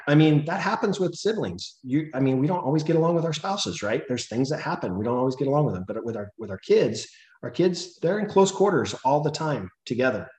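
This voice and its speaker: A man's voice: fairly high pitch, lively intonation, a little fast, a little mellow. Host man in an echoey room. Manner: chatty, leans on rhetorical "right?". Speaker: podcast host. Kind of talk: conversational interview.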